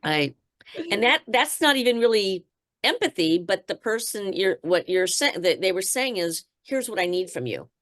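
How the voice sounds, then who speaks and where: A woman's voice: mid-range voice, very animated, moderate pace, a bit bright. A woman trainer leading a group discussion in a conversational way, with many fillers, acting out example phrases.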